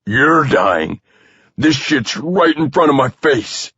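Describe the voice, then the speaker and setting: A man's voice: medium pitch, sing-song, slow pace, sharp tone, slightly rough, dry recording, highs cut off, pitched above the performer's own voice, heavily acted. A man voicing a tired young new father who banters casually with his friend in an audiobook. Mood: exasperated. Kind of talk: audiobook character voice.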